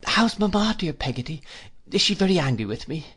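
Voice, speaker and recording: A man reading an audiobook, voicing a frightened, remorseful little boy who pleads through sobs, pitched well above his own voice. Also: very animated, brisk, a bit bright, breathy edge, exaggerated voice. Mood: pleading. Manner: pleading, sobbing.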